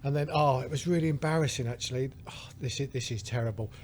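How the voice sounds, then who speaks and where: A man's voice: mid-range voice, quick pace, darkish tone. Man, chatty and laughing, casual podcast chat, light background noise. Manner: chatty storyteller, laughs a lot. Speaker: podcast co-host.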